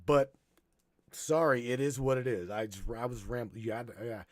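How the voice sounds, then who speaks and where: A man hosting a live stream, rambling and swearing, halting and choked up as he talks. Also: mid-range voice, no echo, clean studio sound. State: choking up. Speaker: podcast host. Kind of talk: emotional live-stream monologue.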